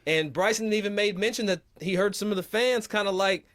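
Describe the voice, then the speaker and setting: Lively high-voiced male golf show host. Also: a little fast. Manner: animated, playful slang. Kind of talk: casual sports chat.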